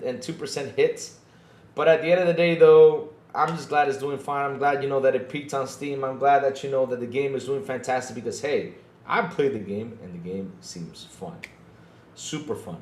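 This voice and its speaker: A man hosting a casual gaming podcast, laid-back and chuckling, often repeating himself and tagging his lines with "though". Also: medium pitch. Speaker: podcast host. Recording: echoey room.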